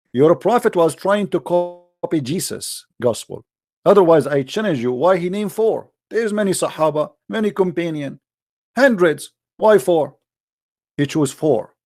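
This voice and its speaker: A man's voice: a little high, lively intonation, moderate pace, darkish tone. A man hosting a heated religious debate in non-native English, combative and mocking, often repeating himself. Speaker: debate show host.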